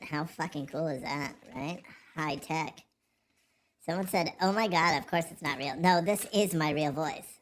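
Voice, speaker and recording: A man's voice: a little high, unhurried, a bit bright, a little hiss or hum. A man hosting a casual livestream, joking, rambling and swearing freely as he reads the chat. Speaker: livestream host.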